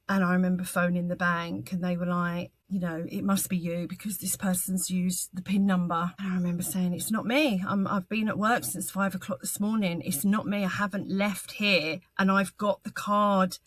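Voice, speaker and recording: A woman's voice: on the low side, no echo. Earnest woman recounting hard times. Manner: halting, with frequent ums and restarts; earnest and candid. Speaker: guest sharing her story. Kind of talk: personal testimony in an interview.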